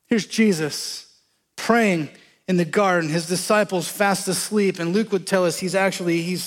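A man's voice: sits high, in a large hall. A man preaching a sermon in a conversational way, asking the congregation questions as he explains scripture. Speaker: pastor.

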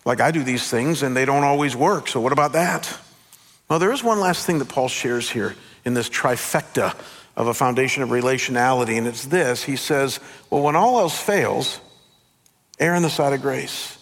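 A middle-aged man, a pastor, giving a conversational, animated sermon with self-deprecating asides and stammered restarts. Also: mid-range voice, moderate pace. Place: church sanctuary. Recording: long hall reverb.

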